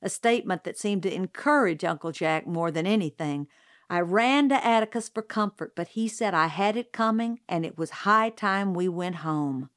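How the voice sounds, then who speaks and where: A woman narrating a first-person story as an audiobook reader, even and unhurried. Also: on the low side, no echo, studio quality.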